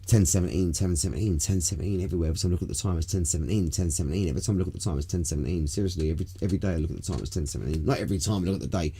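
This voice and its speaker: A man's voice: low voice, rapid-fire, few pauses, dark tone, slightly rough. A British man co-hosting a podcast in casual, rambling chat, laid-back and swearing freely. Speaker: podcast co-host. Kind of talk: casual chat on a live smoke session.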